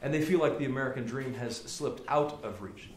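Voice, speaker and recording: A man with a medium-pitched voice speaks fairly quickly, a Colorado senator sharing anecdotes in a stump speech to a small audience. He repeats words and restarts often. Heavy room echo and faint ambient noise are audible.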